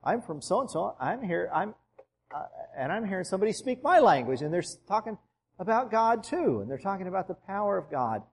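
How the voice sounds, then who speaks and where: A man voicing an excited bystander in an ancient crowd who hears his own language. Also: sits high, brisk, breathy edge, long reverb tail, voice pushed up, full character voice. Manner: excited, eager.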